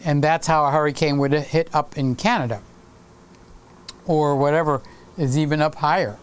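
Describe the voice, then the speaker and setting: A man's voice: on the high side, steady tone, normal speed, clean tone. A man in his late sixties hosting a casual live stream, rambling and stopping to greet viewers by name. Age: 60s.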